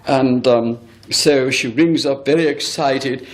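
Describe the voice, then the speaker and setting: A man's voice: medium pitch, slow. Earnest man lecturing in an echoey hall. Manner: earnest, emphatic, often addresses the audience directly. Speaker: spiritualist medium giving a lecture. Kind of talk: storytelling lecture to an audience.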